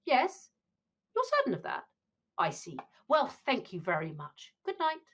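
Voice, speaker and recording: A woman's voice: high voice, wildly swooping pitch, a little slow, fairly bright tone, pitched above the performer's own voice, full character voice. Woman reading a poised upper-class young gent on the telephone, playtext read-through. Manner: reading a play aloud. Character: confident upper-class young man phoning a hospital.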